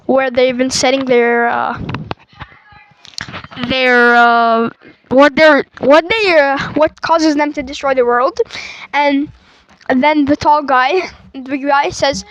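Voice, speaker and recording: A woman's voice: high-pitched, background noise. A woman casually retelling a movie plot, rambling with fillers and restarts.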